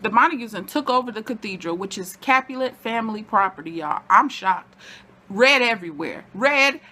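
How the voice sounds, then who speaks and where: A woman giving a casual, excitable TV episode recap from home, chatting to her viewers as y'all. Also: mid-range voice, brisk. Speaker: TV recap vlogger.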